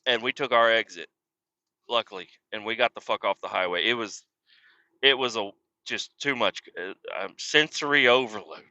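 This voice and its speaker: A man's voice: lowish voice, moderate pace, sharp tone, no room sound. A man hosting a podcast, telling a rambling, profane story about his day in casual talk. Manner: profane, rambling, swears constantly. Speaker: podcast host. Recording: dull lo-fi, dry.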